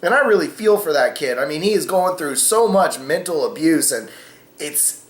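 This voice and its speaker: Man, casual vlog rant, rambling and profane, slightly high voice, roomy echo. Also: expressive, normal speed. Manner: rambling, cusses freely, lots of fillers. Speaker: vlogger host.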